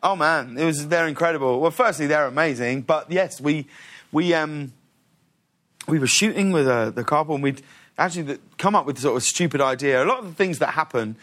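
In a television studio, a male talk show guest tells a lively anecdote full of restarts and acted-out quotes. His voice is fairly high and fairly quick.

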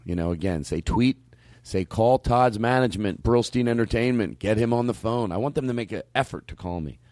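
A man's voice: fairly low pitch, brisk, darkish tone, no room sound, clean studio sound. A man hosting a comedy podcast in casual chat, rambling and playful as he keeps cutting himself off. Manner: rambling, self-interrupting, playful. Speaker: podcast host.

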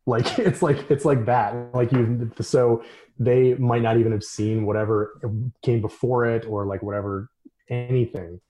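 A man co-hosting a podcast in casual chat, animated and laughing often, full of fillers. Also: mid-range voice, measured pace. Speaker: podcast co-host.

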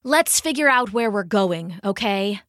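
A woman's voice: mid-range voice, animated, a little slow, fairly bright tone, dry recording, clean studio sound. A woman voicing a young halfling hunter, guarded and matter-of-fact, in a storybook reading.

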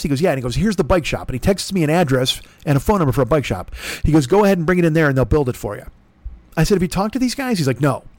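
In a high, darkish voice, a middle-aged man hosts a podcast and tells a rambling, crude story at his own expense, voicing each person in the conversations himself. It's captured on a laptop microphone with no room sound.

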